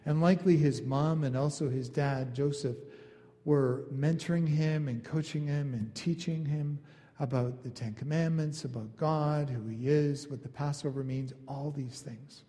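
A man delivering a sermon in a relaxed, talky manner, with a mellow, darker tone. His voice carries a long reverb from the large hall he speaks in, and he slips into little voices for the people in his story. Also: on the high side, unhurried. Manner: conversational, acts out quoted lines. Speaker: pastor.

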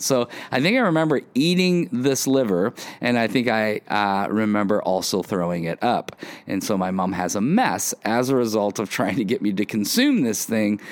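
A man's voice: fairly low pitch, animated, normal speed, dry recording. A man preaching a casual sermon, rambling with many fillers and self-deprecating humor. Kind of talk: casual sermon with personal story.

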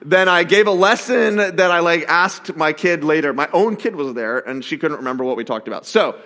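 Animated, self-mocking man preaching in a hall. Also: a little high, a little fast. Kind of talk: sermon. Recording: long reverb of a large hall.

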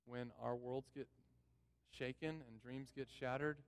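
A man's voice: medium pitch, fairly even intonation, unhurried, clear, resonant tone. A man preaching a sermon in a church, earnest and repeating key phrases for emphasis. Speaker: pastor. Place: church sanctuary. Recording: long reverb of a church hall.

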